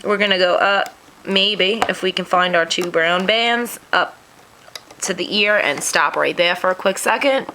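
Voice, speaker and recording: A woman's voice: on the low side, measured pace, background noise. A woman hosting a craft tutorial, walking through each step in a chatty, self-deprecating way while sniffling. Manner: chatty, self-deprecating, talks through her hands-on work.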